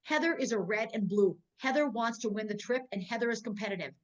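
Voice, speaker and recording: Heard through dull audio, a woman with a fairly high pitch talks fast while training a sales team on a video call. As a network marketing trainer, she relies on animated storytelling and keeps asking whether her listeners are keeping up.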